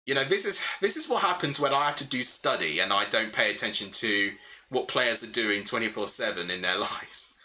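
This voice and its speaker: Bright-voiced young man hosting a football watchalong. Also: mid-range voice, expressive, brisk. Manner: chatty, thinking aloud, answering chat between play calls. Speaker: livestream host. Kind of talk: live football watchalong commentary, chatting with viewers.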